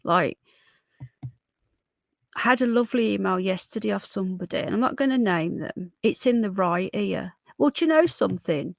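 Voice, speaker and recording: A woman in her early forties with a hoarse voice, hosting a casual livestream and chatting with viewers, calling them love and darling. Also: medium pitch, animated, normal speed, dry recording. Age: 40s. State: hoarse from illness. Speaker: livestream host. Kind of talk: casual live chat.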